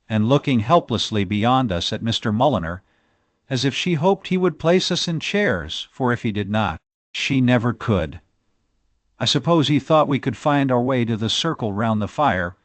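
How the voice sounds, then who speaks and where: A man narrating a classic novel as an audiobook, with expressive storytelling delivery on a close mic. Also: mid-range voice, no echo.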